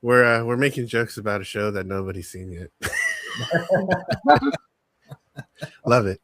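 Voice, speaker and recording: A man's voice: mid-range voice, very animated, takes it slowly, fairly bright tone, no room sound. A man co-hosting a casual podcast, laid-back and amused, swearing casually.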